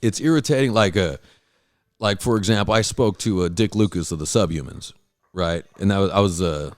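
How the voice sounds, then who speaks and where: A middle-aged man hosting a podcast, telling animated stories in casual chat and swearing freely. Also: low-pitched, brisk, dry recording, clean studio sound. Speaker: podcast host.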